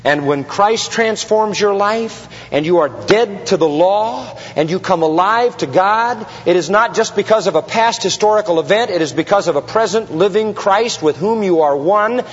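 Man, preacher, expository sermon, emphatic repetition, rhetorical questions, slightly high voice, dull lo-fi recording. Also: moderate pace, few pauses, husky. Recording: long hall reverb, dull lo-fi sound.

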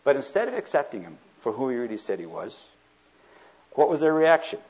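Animated, husky-voiced male preacher. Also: medium pitch, a little fast. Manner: animated, acts out quoted speakers. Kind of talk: sermon. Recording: dull lo-fi recording.

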